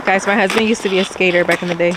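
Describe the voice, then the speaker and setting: A woman's voice: mid-range voice, steady tone, racing, background noise. Chatty woman vlogging at home. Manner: chatty, swears casually, laughs often. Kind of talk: casual home vlog chat.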